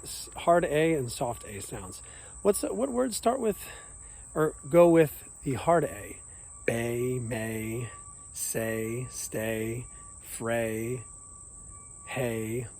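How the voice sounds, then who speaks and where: Upbeat man leading a vocal warm-up. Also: mid-range voice, a little hiss or hum, rough recording. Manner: upbeat, sings vowel sounds out loud. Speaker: music teacher. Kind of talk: children's vocal warm-up lesson. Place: outdoors at a nature center.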